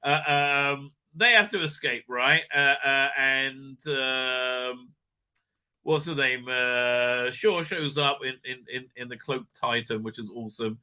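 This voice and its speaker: A man hosting a live stream, rambling excitedly with lots of fillers and tag questions. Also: mid-range voice, slow pace, clear, resonant tone. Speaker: show host. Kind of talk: live-stream fan commentary.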